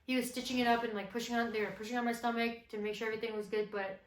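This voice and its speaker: A young woman telling a personal story to the camera in a relaxed, chatty way, with plenty of fillers. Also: on the high side, very fast, slight background noise. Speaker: vlogger co-host. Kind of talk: casual storytelling chat. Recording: roomy echo.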